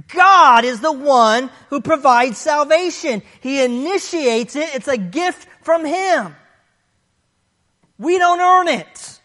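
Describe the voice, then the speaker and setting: Brief: high-pitched pastor, emphatic sermon delivery, long reverb of a big church hall. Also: expressive, takes it slowly. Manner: emphatic, swings from loud declarations to hushed low passages; reads scripture aloud between points.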